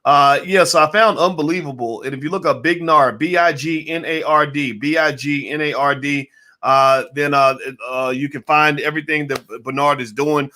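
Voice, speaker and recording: Male interview host with a bright, forceful voice who stumbles and repeats words with enthusiasm. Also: on the high side, fairly even intonation, moderate pace. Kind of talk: casual interview chat.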